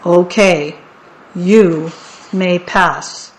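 A woman's voice: on the low side, extremely slow. A woman reading aloud, voicing a hungry boastful male troll who chants rhymes and stammers when frightened. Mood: scheming. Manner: sing-song rhyming, stammering when scared.

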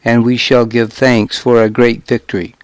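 A man's voice: medium pitch, level tone, moderate pace, clear, resonant tone, no room sound, lightly acted. A man voicing a stern, pious young king in an audiobook. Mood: solemn.

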